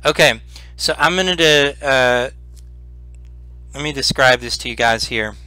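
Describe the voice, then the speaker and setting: A man running a tabletop game as game master, describing the scene slowly and deliberately. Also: mid-range voice, sharp tone, clear, resonant tone, no echo.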